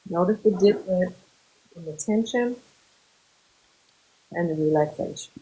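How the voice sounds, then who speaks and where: Slow, calm woman guiding relaxation. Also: fairly low pitch, poor audio. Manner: slow, calm instructions with pauses. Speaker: therapist leading a group session. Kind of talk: guided relaxation exercise.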